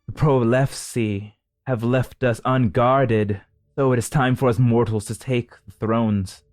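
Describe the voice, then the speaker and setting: A man voicing a commanding woman who leads a council, proclaiming in a raised, forceful voice. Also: medium pitch, steady tone, unhurried, dry recording, studio quality, faint music behind, voice pushed up, close to an everyday voice. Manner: proclaiming, rallying a crowd.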